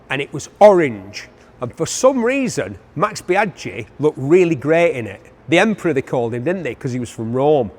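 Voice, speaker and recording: A man with an enthusiastic, joking manner, presenting motorcycles for an auction preview and making asides to his cameraman. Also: fairly high pitch.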